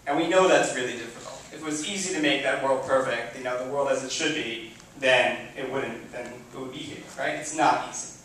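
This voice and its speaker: A young man who is a rabbi giving personal opening remarks to an audience, chatty and self-deprecating, with many restarts and sudden animated outbursts. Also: medium pitch, brisk. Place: event hall before a live audience. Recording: very echoey hall, voice from far off.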